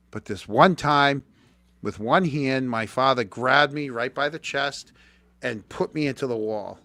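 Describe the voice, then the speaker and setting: A middle-aged man hosting a casual chat, telling stories in an animated way and repeating words when he gets going. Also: mid-range voice, dry recording. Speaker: host.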